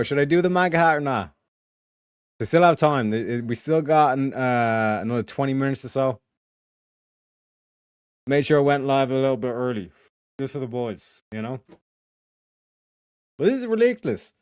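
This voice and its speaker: A man's voice: mid-range voice, normal speed, pauses often, clean tone, no room sound, clean studio sound. A man chatting casually on a livestream, rambling and swearing, with a lot of filler phrases, talking to his viewers from a home setup. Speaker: streamer.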